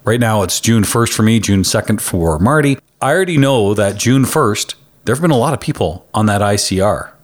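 A man's voice: on the low side, animated, moderate pace, few pauses. A man from Canada co-hosting a pinball podcast in casual banter, teasing his co-host and laughing often.

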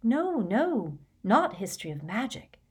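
A woman voicing a clever, cautious teenage girl in a storybook reading, with a soft, thoughtful delivery. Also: fairly high pitch, big pitch swings, a little slow, slightly rough, pitched above the performer's own voice, full character voice. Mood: insistent.

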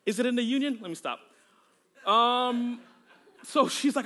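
A man's voice: very high voice, animated, a little slow, bright, forceful tone. A male pastor preaching a sermon during a church service. He is fervent and exclamatory, breaking into praise often and joking casually with the congregation.

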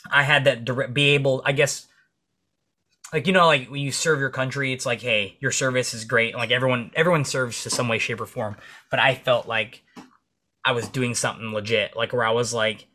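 A young military veteran, appearing as a guest, tells stories in casual conversation. His voice is medium-pitched and sharp, and his telling rambles along, profane and packed with fillers.

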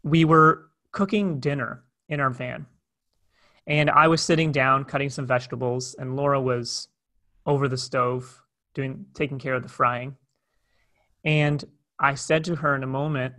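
A man's voice: medium pitch, moderate pace. A young adult man telling a personal story in a candid, conversational way. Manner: candid, conversational, animated retelling. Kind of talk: storytelling talk.

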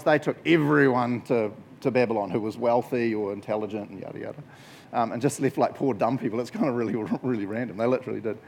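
A man's voice: medium pitch, a little hiss or hum. A man giving a casual, jokey Bible talk to a group as a youth preacher. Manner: jokey, conversational, animated storytelling.

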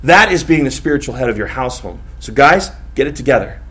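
A pastor in his thirties preaching a sermon in a lively, conversational way, often repeating himself. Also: medium pitch, fast. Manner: animated, conversational preaching with repetitions.

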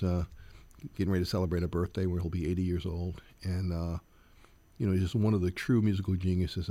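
A man's voice: low voice, mellow, no room sound. A man in his sixties, a jazz guitarist and professor, answering interview questions earnestly, with many fillers and repeats.

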